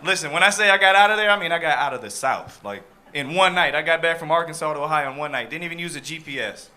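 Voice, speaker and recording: A man's voice: on the high side, animated, fast, sharp tone, slight background noise. A man in his thirties performing a stand-up comedy set on a club stage, punchy, switching into voices for the people he quotes. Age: 30s.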